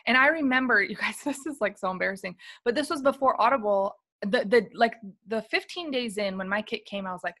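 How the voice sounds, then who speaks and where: A woman in her thirties, originally from Flint, Michigan, speaks as an interview guest. She talks candidly and with feeling about her journey, laughing now and then and filling her pauses with "um" and "like.". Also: fairly high pitch, lively intonation, pushed and bright. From Flint, Michigan, USA. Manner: candid and emotional, laughs often, many fillers. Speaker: interview guest, company field liaison. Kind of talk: conference interview, personal story.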